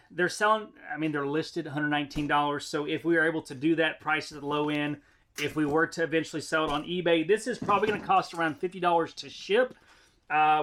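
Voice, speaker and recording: A man's voice: fairly high pitch, a bit bright. A man vlogging as he unboxes items, chatting casually and thinking aloud about prices and profit. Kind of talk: casual chat.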